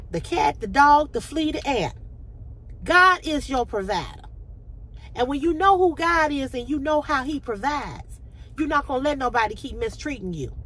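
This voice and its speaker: A middle-aged woman vlogging to her phone camera, blunt and profane, with a throat tickle, going from low talk to impassioned near-shouting. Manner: preachy, rising to impassioned shouting.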